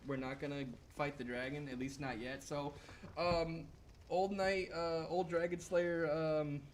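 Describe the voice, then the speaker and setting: A young man live-streaming a game, talking excitably and rambling, swearing often and reacting to chat. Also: a little high, unhurried, a little hiss or hum.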